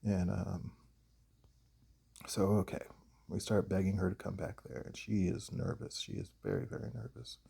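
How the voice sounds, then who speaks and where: A man, a horror writer, telling a personal story in a halting, hesitant way with many pauses. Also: deep voice, creaky, mellow, breathy edge.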